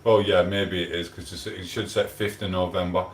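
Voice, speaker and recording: A man's voice: low voice, level tone, moderate pace, a little hiss or hum. A man hosting a casual livestream at home, chatting and greeting viewers by name. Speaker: livestream host. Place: room at home. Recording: echoey room.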